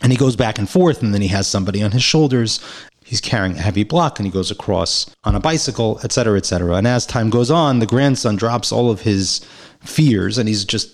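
A man's voice: on the low side, animated, brisk. Reflective man giving a spiritual talk. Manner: reflective, repeats phrases for emphasis.

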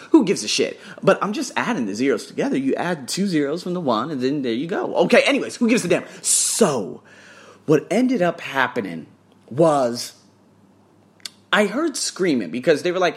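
Animated, swearing man telling a story. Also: fairly high pitch, husky. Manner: animated, swears freely, acts out quotes. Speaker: English test tutor. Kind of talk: casual storytelling vlog.

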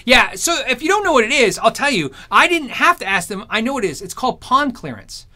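A man chatting casually on his stream, telling rambling anecdotes in an animated way. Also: extremely high pitch, brisk. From Arizona. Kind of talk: casual storytelling chat.

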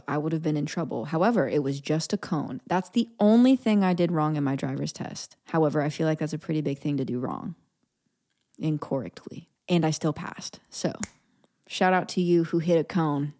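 Low-voiced woman chatting playfully. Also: warm tone. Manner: playful, laughs often, drops into whispers for asides. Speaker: podcast host. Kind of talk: casual solo podcast chat.

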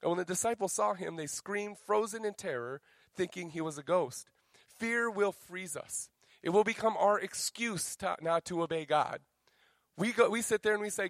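Energetic joking male pastor. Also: high voice, normal speed, dry recording. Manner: energetic, joking, swings to quiet storytelling. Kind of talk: sermon.

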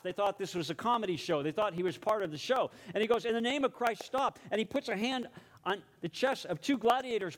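A male pastor delivering a sermon with dramatic storytelling. His voice sits a little high. He goes quiet and hushed when he leads prayer.

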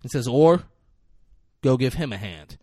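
Animated man acting out movie scenes. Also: mid-range voice, unhurried, no echo, clean studio sound. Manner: animated, acts out movie lines with big vocal swings and swearing. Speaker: podcast co-host. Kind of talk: casual movie recap chat.

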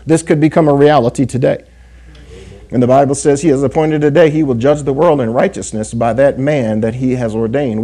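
A man preaching a sermon, his voice pitched a little higher than most men's yet dark and warm in tone. He reads scripture aloud in old-fashioned wording and keeps asking the congregation "yes?" and "amen?". He slows right down to lean on key words. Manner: call-and-response asides, frequent "yes?" and "amen?". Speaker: pastor.

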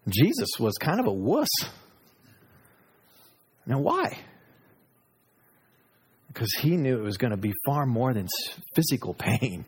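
A man delivers a sermon in a slightly husky voice. He is emphatic and lively, rising to high, loud exclamations and then sinking to hushed, low asides. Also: unhurried, long pauses. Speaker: pastor.

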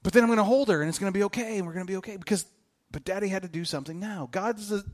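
A man's voice: high voice, rapid-fire. A man preaching a conversational sermon to his congregation in church, earnest and direct, repeating his key questions. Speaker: pastor. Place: church service before a congregation.

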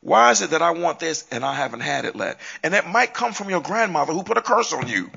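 Guy preaching on a christian talk show, sharp bright voice, husky, really emphatic. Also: on the high side, big pitch swings, quick pace, dull audio. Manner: emphatic, builds to punchy repeated lines.

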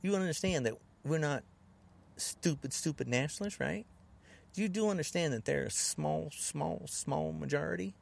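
Gravelly man ranting with mocking taunts. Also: on the high side, moderate pace. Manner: taunting, repetitive name-calling. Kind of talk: angry political rant to camera.

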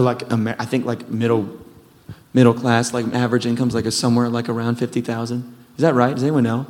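A man's voice: medium pitch, darkish tone. Casual preacher man in a reverberant hall. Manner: casual, rambling, self-deprecating asides. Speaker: pastor. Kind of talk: sermon.

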